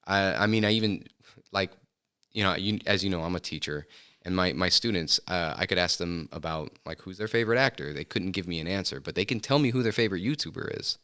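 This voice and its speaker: A middle-aged man talking as a podcast interview guest, thoughtful and halting, with frequent fillers and restarts. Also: sits low, bright, forceful tone, clear, resonant tone. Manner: reflective, hesitant with many fillers and restarts. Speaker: filmmaker guest. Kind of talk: casual interview chat. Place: podcast studio.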